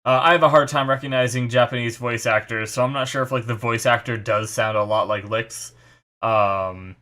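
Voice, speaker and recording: A man's voice: medium pitch, steady tone, moderate pace, sharp tone. A young man hosting an anime reaction, talking casually on his own in a rambling, speculative way with lots of fillers and restarts. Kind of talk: casual solo commentary.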